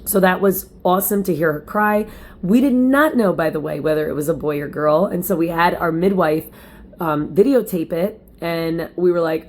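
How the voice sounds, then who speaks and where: A woman vlogger with an alto voice tells a personal story at home, chatty and animated, speaking straight to her viewers. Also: moderate pace. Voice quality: low alto voice. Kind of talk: casual personal storytelling to camera. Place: at home, lit by window light.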